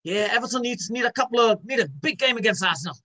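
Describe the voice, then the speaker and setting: A man's voice: very high voice, animated, quick pace, sharp tone, voice pushed up, heavily acted. A man doing an impression of a Liverpool man with a Scouse accent, chatting about football. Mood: chirpy.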